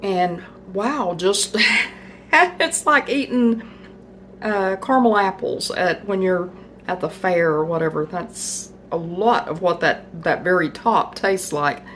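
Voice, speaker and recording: Slow-talking woman cooking at home. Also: fairly low pitch, fairly bright tone, slight background noise. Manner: chatty, folksy, tasting food on camera. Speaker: home cook vlogger. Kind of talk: casual cooking vlog.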